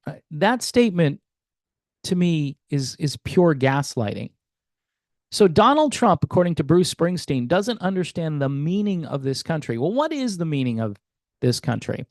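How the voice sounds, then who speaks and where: With a fairly high voice that swings widely in pitch, a man runs a music commentary channel, speaking at a moderate pace in a slightly mellow tone with no room sound. In this opinion vlog he argues skeptically, asking many rhetorical questions and restarting hesitantly.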